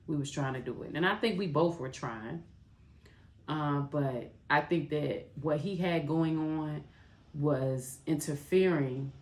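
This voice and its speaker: Podcast host, middle-aged woman, deep voice, raw and heartfelt, talks straight to "y'all", roomy sound. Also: a little mellow. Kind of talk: candid confessional monologue. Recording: roomy echo.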